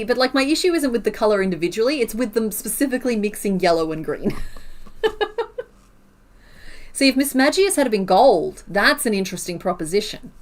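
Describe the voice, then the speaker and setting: An Australian woman streaming while she crochets, chatting casually, laughing often and counting stitches under her breath. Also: mid-range voice.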